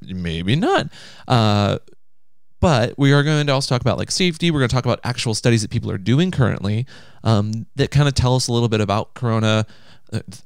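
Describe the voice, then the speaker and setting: A man's voice: mid-range voice, gravelly, clear, resonant tone, no echo, clean studio sound. A man hosting a podcast in casual chat, teasing and playful. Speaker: podcast host.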